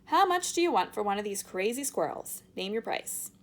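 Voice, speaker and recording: A woman's voice: medium pitch, very animated, moderate pace, natural voice. Woman plays a self-important wealthy father who speaks importantly. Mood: pompous.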